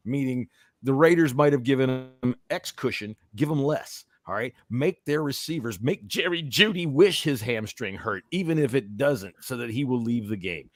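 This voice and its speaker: A man's voice: mid-range voice, expressive, moderate pace, no room sound. Fired-up, profane man on a dry mic. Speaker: podcast host. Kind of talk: casual sports chat.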